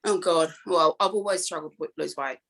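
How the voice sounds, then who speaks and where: Hoarse, gravelly New Zealand woman. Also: low voice, moderate pace, a bit bright, poor audio. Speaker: guest. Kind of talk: casual chat.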